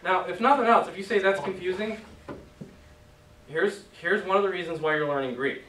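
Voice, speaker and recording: A man's voice: sits high, normal speed, fairly bright tone. Man teaching a class in an echoey room. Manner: patient, joking, leads call-and-response drills. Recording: echoey room from far off, faint noise.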